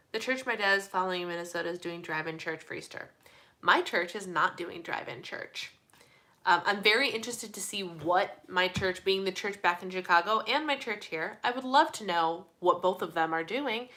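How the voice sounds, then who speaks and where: A young woman chatting casually on a live stream, reading viewer comments, animated and full of fillers like "like". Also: fairly low pitch. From Midwestern United States. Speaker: host of a live community chat.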